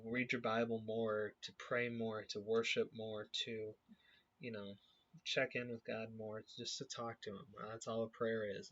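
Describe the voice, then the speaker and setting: A man leading a youth group, talking earnestly about his faith and often pausing to search for words. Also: lowish voice, a bit bright. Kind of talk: personal faith reflection to camera. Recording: dull lo-fi recording.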